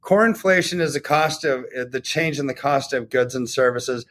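A man talks through economic news in a relaxed, conversational way. His voice sits at an ordinary middle pitch, and he keeps pulling the listener along with quick rhetorical asides. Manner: conversational, explains with rhetorical "right?" tags. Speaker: podcast co-host. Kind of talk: casual commentary on economics.

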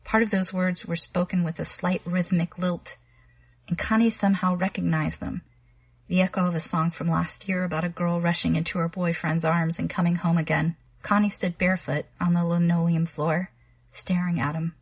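A woman narrating a literary short story in a measured, calm reading voice. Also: lowish voice, husky, no room sound. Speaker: audiobook narrator.

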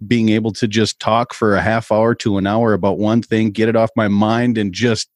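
A man from Minnesota, a podcast guest, telling stories in quick, animated casual chat. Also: lowish voice, no room sound, studio quality.

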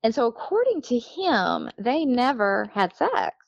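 A woman on the high side, very animated and creaky, takes her time as a guest recounting a personal story. She's chatty and laughs often, acting out what people said to her. The audio has no echo but the highs are cut off.

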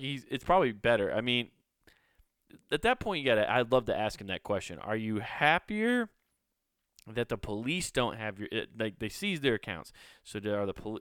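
A young man reads a story aloud and reacts to it with swearing, rambling asides. His voice is clear and smooth at a middle pitch, and the recording is dry and close with no room echo. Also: a bit bright. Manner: profane, laughing, rambling asides. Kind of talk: casual reaction commentary.

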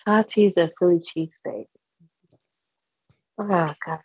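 A man's voice: high-pitched, takes it slowly, husky, dry recording. A man from New York with a New York accent, chatting casually on a podcast and talking emphatically in street slang. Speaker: podcast guest. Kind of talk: casual chat. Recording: dull lo-fi podcast audio.

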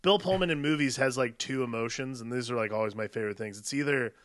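Male podcast co-host, bright dry voice, loose rambling delivery with frequent laughs. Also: medium pitch, quick pace, no room sound. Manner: rambling, laughs often, mimics actors. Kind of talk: casual movie chat.

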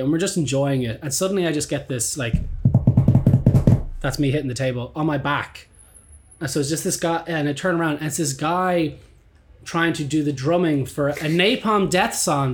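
An Irish man in his twenties chats as a podcast co-host, spilling anecdotes at a fast clip. He restarts sentences often and swears freely as he goes. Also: a little high. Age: 20s. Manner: rambling storyteller with many restarts and swearing. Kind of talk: casual chat.

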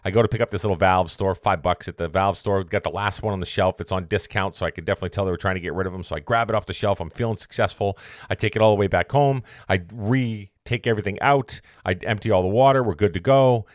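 Low-voiced man telling a rambling story. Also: fast, dry recording, clean studio sound. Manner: rambling, self-correcting, motivational. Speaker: podcast host. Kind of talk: casual storytelling monologue.

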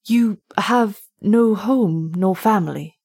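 A woman voicing a passionate young male student who talks in an earnest, pleading way, with a husky voice. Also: medium pitch, slow pace, darkish tone, full character voice. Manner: earnest, pleading, turns to frantic shrieks.

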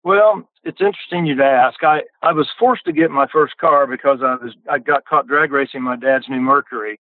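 A man's voice: medium pitch, moderate pace, no room sound. Older man on a tinny phone line. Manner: folksy, repeats words when starting sentences. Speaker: podcast guest. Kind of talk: casual storytelling.

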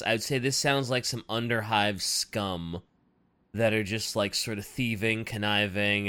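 A man's voice: on the low side, sharp tone, clean tone. A man chatting casually as a co-host, playful and joking while he guesses aloud. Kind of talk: casual chat.

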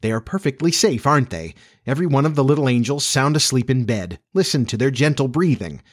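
A man's voice: medium pitch, expressive, a little fast, voice pushed up, close to an everyday voice. A man voicing a bad-tempered housemaid in a storybook reading, stern and scolding.

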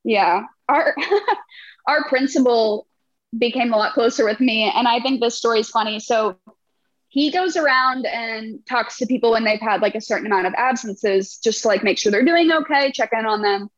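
A woman's voice: on the high side, moderate pace, no room sound. A young woman, a band's lead singer, chatting casually in an interview and telling stories with a laugh. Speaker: band frontwoman. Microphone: video call. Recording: muffled video call audio.

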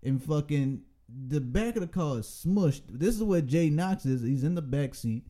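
High, lively young man telling stories. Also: normal speed. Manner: animated, laughing storyteller, acts out quotes. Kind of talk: casual storytelling chat.

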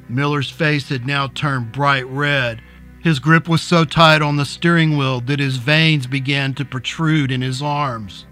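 A male narrator reads a dark serial story in a measured, deliberate way. His delivery is very slow and his tone bright, with faint music underneath. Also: mid-range voice, steady tone. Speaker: narrator and host.

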